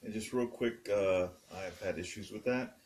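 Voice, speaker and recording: A man co-hosting a live stream who reads out viewer questions and adds short, quick remarks. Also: fairly low pitch, darkish tone, slight background noise. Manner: brief, quick interjections. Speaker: co-host reading questions. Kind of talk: casual live-stream talk.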